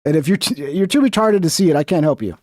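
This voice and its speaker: A man's voice: a little high, animated, quick pace, darkish tone, no room sound, studio quality. A man reacting to clips in a casual commentary, mocking and combative with lots of swearing. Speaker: commentary streamer.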